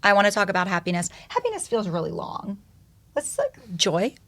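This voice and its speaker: A woman talking as a podcast guest, telling her story in an animated, expressive way and swearing casually. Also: medium pitch, fairly quick. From United States.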